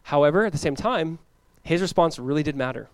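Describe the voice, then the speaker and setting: Smooth and a little high, a man's voice preaches an expository sermon with no room sound around it. As pastor, he animatedly acts out biblical characters in quick voices.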